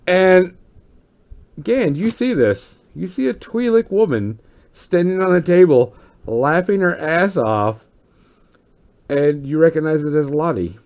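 An excitable male game master narrating a tabletop game, his voice high and swooping with energy. He talks in quick bursts and laughs often.

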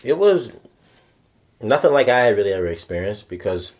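Guest: man from Maryland, very low voice, halting casual storyteller who keeps correcting himself. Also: sing-song, a little mellow. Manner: halting, frequent restarts and self-corrections. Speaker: podcast guest, BMX rider.

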